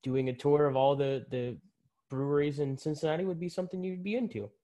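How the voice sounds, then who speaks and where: A man's voice: fairly high pitch, fairly even intonation, fairly quick, warm tone. A man who is a guest in a casual interview, giving easygoing and thoughtful answers.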